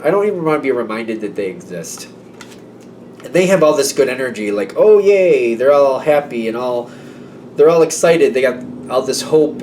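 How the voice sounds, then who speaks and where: A man's voice: medium pitch, a little mellow, distant mic, slight background noise. A man giving a casual tarot reading, chatty and rambling, with lots of fillers and acted-out asides. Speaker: tarot reader.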